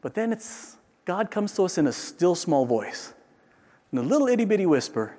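A man preaching a sermon in a conversational way, tossing in "right?" and swinging from loud peaks down to a near-whisper. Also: high-pitched, very animated, moderate pace, big-room sound. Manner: frequent tag question "right?". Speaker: pastor.

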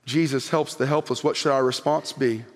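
A man preaching an animated sermon as pastor, reading scripture aloud and acting out the people in it. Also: mid-range voice, moderate pace. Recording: long hall reverb.

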